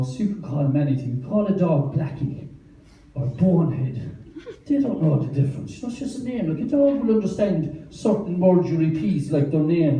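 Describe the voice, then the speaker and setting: A man's voice: fairly high pitch, mellow. Irish man rambling at a bar open mic. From Ireland. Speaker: stand-up comedian. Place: small wine bar open mic night. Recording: roomy, distant bar recording.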